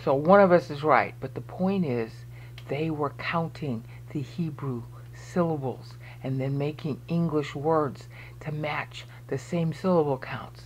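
Slow, thinking-aloud screen walkthrough. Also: medium pitch, slight background noise. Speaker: video presenter explaining research.

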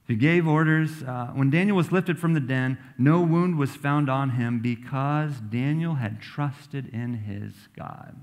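A man's voice: medium pitch, a little slow, few pauses. Conversational preaching man. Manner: conversational preaching, reading scripture aloud with asides. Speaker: pastor. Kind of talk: sermon. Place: church sanctuary.

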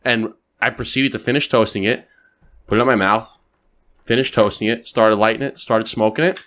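A man hosting a podcast, telling a story in a casual, animated way, swearing freely and adding quick asides. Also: fairly low pitch. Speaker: podcast host.

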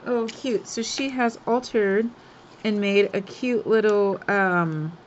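A woman's voice: mid-range voice, steady tone, slow, a little hiss or hum. Chatty craft lady unboxing stuff, gushes and giggles a lot, kinda muffled recording. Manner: chatty and gushing, laughs often. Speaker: craft swap host. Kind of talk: casual craft unboxing chat.

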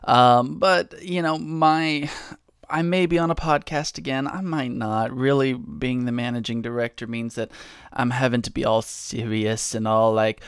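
Chatty guy joking around answering fan questions, smooth clean voice, dry close sound. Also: mid-range voice, fairly even intonation, unhurried, no echo. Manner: rambling, jokey, self-mocking. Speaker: managing director answering viewer questions. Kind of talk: casual Q&A monologue.

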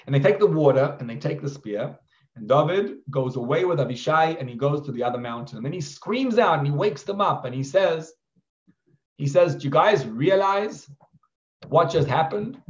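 Animated rabbi retelling a biblical story. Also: male voice, a little high, a little fast. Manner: animated retelling with Hebrew terms. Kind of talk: storytelling Torah class. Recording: roomy, slightly dull recording.

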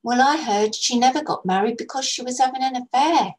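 A woman's voice: high voice, fairly quick, pitched above the performer's own voice, lightly acted, poor audio. A woman voicing a smug, gossipy schoolgirl who speaks with an air of authority. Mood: confiding. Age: child.

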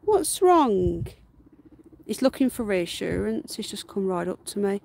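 A woman's voice: medium pitch, brisk, vocal fry, darkish tone, slight background noise. A woman, chatting casually on a live stream from her garden and cooing to her pet rabbits in baby talk. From England. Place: outdoor garden.

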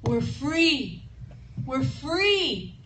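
This high-voiced Chicago woman, a speaker at a women's retreat, delivers her testimony sermon very slowly as faint music plays behind her. Her storytelling is animated, moving between laughter and tears as she acts out dialogue, captured from a distance in a noisy, echoey room.

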